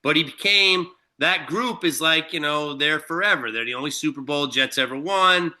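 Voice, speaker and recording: A man's voice: a little high, moderate pace, pushed and bright. A man telling a long, profane anecdote in casual chat, full of fillers and restarts. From Shelter Island, New York. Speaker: guest storyteller. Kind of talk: casual storytelling.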